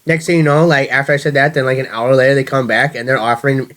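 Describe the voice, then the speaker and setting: A man's voice: mid-range voice, level tone, fast talker, a bit bright. A man co-hosting a casual podcast, telling stories and laughing along with friends. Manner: laughing, storytelling. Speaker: podcast co-host. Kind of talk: casual banter.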